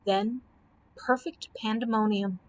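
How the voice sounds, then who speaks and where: A woman's voice: medium pitch, slow, rough recording. A woman librarian reading a children's book aloud, telling it expressively. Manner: expressive storytelling.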